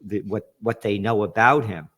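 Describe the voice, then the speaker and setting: A man's voice: fairly low pitch, normal speed, a bit bright. A man hosting an interview, speaking bluntly and often restarting his sentences. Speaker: host.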